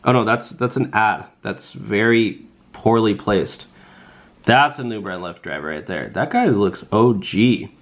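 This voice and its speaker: A young man with a lowish, expressive voice takes his time, rambling and joking with his viewers in a casual vlog. He's a rideshare driver who vlogs, and his talk is packed with fillers like "like" and "um".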